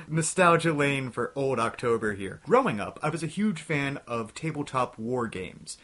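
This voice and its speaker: A young man hosting a comedic game review, ranting in an exasperated, scattershot way and talking himself back to calm. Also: mid-range voice, moderate pace, hardly any pauses. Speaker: host of a retro game review show.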